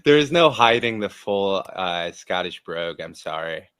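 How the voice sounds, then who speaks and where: Very deep-voiced laid-back podcast host. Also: male voice, lively intonation, normal speed, a bit bright, clear, resonant tone. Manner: laid-back, giggly, swears casually. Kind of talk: casual chat.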